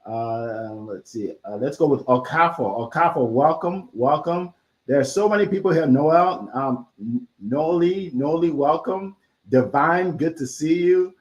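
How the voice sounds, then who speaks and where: A man's voice: fairly high pitch, measured pace, muffled recording. A man hosting a live online panel over a video call, greeting viewers energetically with lots of fillers. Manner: energetic, filler-heavy welcomes. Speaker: host.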